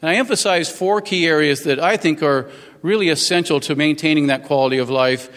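A man in his fifties, the new mayor, delivers an earnest, folksy thank-you speech at his swearing-in ceremony, leaning on many fillers. Speaking in a large hall, his fairly high voice is brisk and a bit bright.

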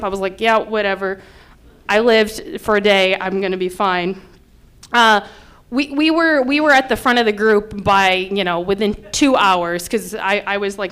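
A woman in her thirties from upstate New York, telling a personal story with lively acted-out quotes. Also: fairly high pitch, clear, resonant tone. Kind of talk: personal story told to an audience.

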